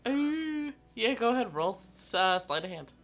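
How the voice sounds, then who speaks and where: A woman running a tabletop game as game master, playful and quick to laugh, sometimes dropping into character voices. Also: a little high, big pitch swings, a bit bright.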